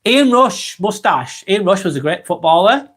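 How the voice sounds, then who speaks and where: A man in his forties with a Lancashire accent, hosting a calm live vlog and reading comments while he has a cold. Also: sits high. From East Lancashire, England. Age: 40s. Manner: unhurried, reflective, musing aloud with tag questions.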